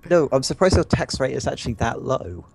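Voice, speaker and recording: A man's voice: medium pitch, big pitch swings, fairly quick, gravelly, a little mellow, slight background noise. A man playing a game with a friend, casually teasing and explaining game mechanics. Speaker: guest gamer. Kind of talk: casual gameplay chat.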